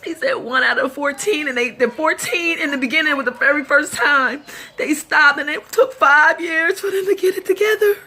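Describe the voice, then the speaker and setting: A high-pitched woman with a bright, sharp voice gives a casual film review on her vlog. She cries as she talks, sobbing and laughing in turns. She rambles on like an excited fan. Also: normal speed. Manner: tearful, talks through sobs and laughs. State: crying.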